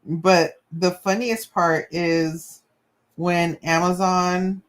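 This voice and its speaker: Fairly low in pitch and level in tone, this woman speaks extremely slowly as host of her channel's casual live stream. Busy with a craft, she shares chatty stories sprinkled with mild cussing and bits of Spanish.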